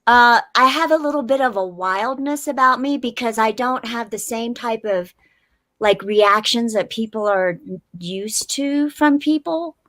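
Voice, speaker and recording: A woman's voice: on the high side, measured pace. A woman musician in a casual interview, telling a story animatedly and acting out what people said, with many fillers. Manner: animated, acts out quotes, frequent fillers. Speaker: band musician guest.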